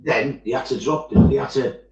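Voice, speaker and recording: A man chatting casually while he paints miniatures, telling animated stories and swearing freely. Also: medium pitch, normal speed, gravelly, heavy background noise. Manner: animated storytelling, swears freely, acts out quoted voices. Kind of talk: casual chat. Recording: echoey, dull-sounding room.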